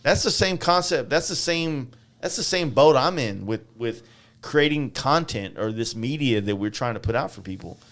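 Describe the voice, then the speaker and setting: A man's voice: medium pitch, expressive, normal speed, a bit bright. A man hosting a podcast in casual chat, blunt and profane, full of "like" fillers. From Southern United States. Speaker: podcast host.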